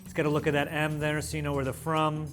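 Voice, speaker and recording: Excitable man hosting a food show. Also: fairly high pitch, fast, faint music behind. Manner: playful and excitable, mock-dramatic asides. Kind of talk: casual food review to camera.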